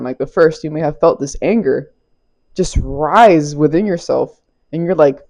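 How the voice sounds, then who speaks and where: A woman's voice: low-pitched, warm tone, highs cut off. A young woman giving a casual spiritual tarot reading, loose and chatty, laughing often and swearing casually. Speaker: tarot reader. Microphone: small clip-on mic.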